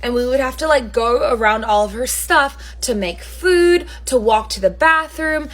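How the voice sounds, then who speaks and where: A woman's voice: fairly high pitch, lively intonation, moderate pace, fairly bright tone. A woman telling a storytime vlog in a chatty way, with plenty of "like" fillers. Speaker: vlogger.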